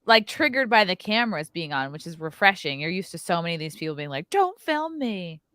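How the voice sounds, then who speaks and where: A woman's voice: fairly low pitch, fast talker, pushed and bright, clean tone, no room sound. A woman hosting a casual morning talk show, chatting animatedly and mimicking people. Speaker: host. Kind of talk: casual chat.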